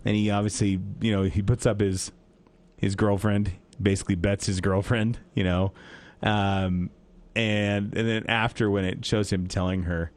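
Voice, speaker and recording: A man co-hosting a radio movie show in casual chat, animated and fond of acting out lines from films. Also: on the low side, normal speed, dry recording. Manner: animated, acts out movie lines in bursts of raised voice.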